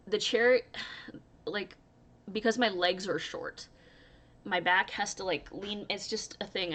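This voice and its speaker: A woman's voice: mid-range voice, a bit bright. Casting: young adult woman, chatty vlogger, easygoing storyteller, laughs often. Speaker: crochet vlogger. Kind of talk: casual chat to camera.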